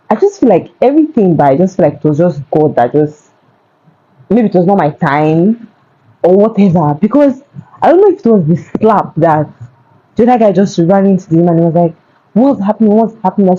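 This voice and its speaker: A woman's voice: lowish voice, brisk, highs cut off. Woman telling a dramatic story. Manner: animated retelling, repeats words for emphasis. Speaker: vlogger. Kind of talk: casual storytime. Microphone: phone.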